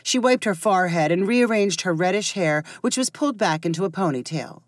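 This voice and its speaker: A woman narrating a story aloud in an expressive reading voice. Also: lowish voice, fairly quick, few pauses, no room sound, clean studio sound.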